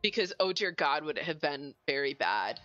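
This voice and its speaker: A woman streaming a board game, chatting casually and mocking her own choices with rapid, animated questions. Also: sits low, no room sound, highs cut off, soft background music. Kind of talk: casual live-stream chat.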